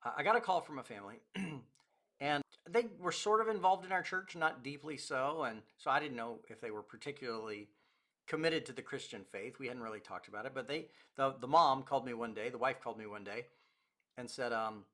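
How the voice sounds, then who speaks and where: A man's voice: medium pitch, brisk, pushed and bright. A man, a pastor, teaching a recorded lecture and telling anecdotes in a conversational way with quoted dialogue.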